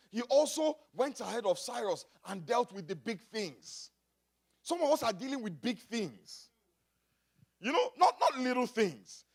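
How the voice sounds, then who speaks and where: A man from Africa preaching a sermon, moving from quiet talk to loud shouting and calling out to the congregation. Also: extremely high pitch. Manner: builds from quiet to shouting, call and response. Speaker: pastor.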